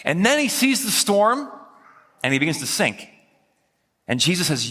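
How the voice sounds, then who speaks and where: Casual, animated male pastor mid-sermon, slightly husky, in a reverberant church. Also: high voice, normal speed. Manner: lively, casual storytelling, acting out quoted voices. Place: church sanctuary.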